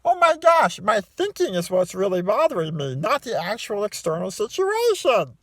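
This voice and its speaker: Dude doing a super high goofy voice, loud and silly, kinda strange sounding. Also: male voice, huge pitch swings, normal speed, no room sound, heavily acted. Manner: playful and exaggerated.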